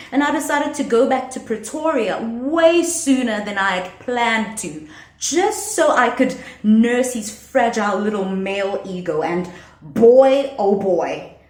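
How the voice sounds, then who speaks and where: A young South African woman telling a storytime vlog in a sassy, animated way, dropping in Zulu slang. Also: fairly high pitch. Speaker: vlogger. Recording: echoey room.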